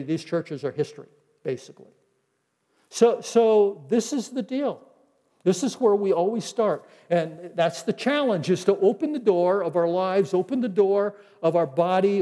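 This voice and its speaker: A man with a high, mellow voice preaches a teaching sermon. He slows and softens when he quotes scripture. A long reverb hangs behind him. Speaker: pastor.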